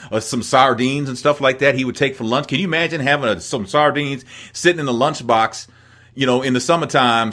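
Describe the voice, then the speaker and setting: A middle-aged man from the American Midwest, co-hosting a casual chat and telling stories with lots of laughter. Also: mid-range voice. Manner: animated storyteller, laughs often. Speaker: podcast co-host.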